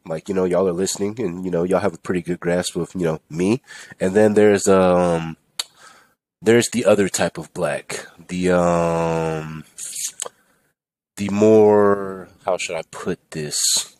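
Male podcast host, low-pitched, dry close mic, profane venting storyteller. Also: steady tone, slow, a little mellow, no echo. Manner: profane, rambling, venting with mock-quoted rants. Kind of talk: casual storytelling monologue.

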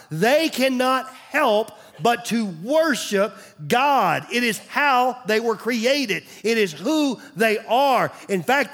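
A man's voice: extremely high pitch, fairly bright tone. A man, preaching a sermon as pastor in a conversational way, sometimes dropping to a near-whisper. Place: church stage.

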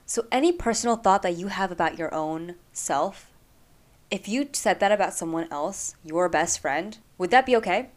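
A candid woman vlogger talks earnestly to her viewers, her voice sitting a little low. She muses aloud and asks herself rhetorical questions in a personal, reflective monologue. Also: normal speed.

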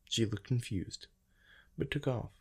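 A man narrating first-person fiction in a steady, measured reading. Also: mid-range voice, breathy edge. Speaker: audiobook narrator.

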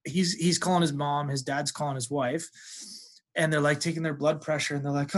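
A young man who is a guest on a podcast, telling stories in casual chat, swearing freely and animated. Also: a little high, moderate pace. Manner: profane, animated storyteller.

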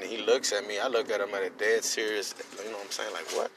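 A man's voice: on the low side, fairly even intonation, quick pace, a crowd in the background, low-quality recording. Heated rambling man in his thirties. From Houston, Texas. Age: 30s. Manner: rambling, heated, streetwise slang. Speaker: podcast host. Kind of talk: casual storytelling monologue.

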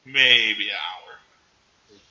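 A man casually recapping a movie in animated chat, jumping into the characters' voices now and then. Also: lowish voice, highs cut off. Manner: animated, acts out characters in quick bursts.

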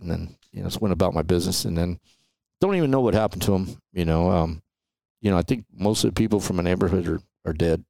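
A middle-aged man from Los Angeles tells stories as a podcast guest in a casual, animated way and often tosses in "man" and "right?". His voice sits low and has a gravelly fry, and it is recorded dry and close to the mic. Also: fast, no room sound. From Los Angeles, USA. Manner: animated storyteller, peppers talk with "man" and "right?". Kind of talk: casual storytelling interview.

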